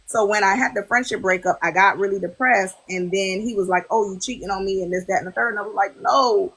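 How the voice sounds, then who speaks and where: Animated woman hosting a chat. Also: medium pitch, fast talker, husky. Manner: animated storytelling, acts out quotes. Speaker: podcast host. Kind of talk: casual chat. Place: livestream on a social app.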